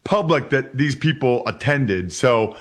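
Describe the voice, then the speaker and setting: A man in his forties from Pennsylvania, a guest telling stories in a casual chat. He talks in an animated way and often repeats words as he starts sentences. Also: medium pitch, a little slow. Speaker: interview guest. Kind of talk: casual storytelling.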